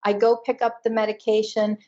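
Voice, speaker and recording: Animated woman telling a personal story. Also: a little high, a little fast, dull audio. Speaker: guest, energy intuitive.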